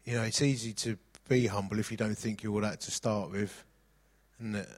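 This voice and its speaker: A man's voice: fairly low pitch, fairly even intonation, brisk. A middle-aged man preaching a sermon, mixing jokey anecdotes with scripture reading.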